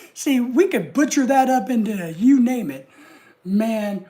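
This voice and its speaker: A man's voice: extremely high pitch, lively intonation, slow, mellow. An American man hosting a livestream, chatting casually and reading out and greeting viewer comments from his home desk. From United States. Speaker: livestream host. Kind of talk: casual live chat.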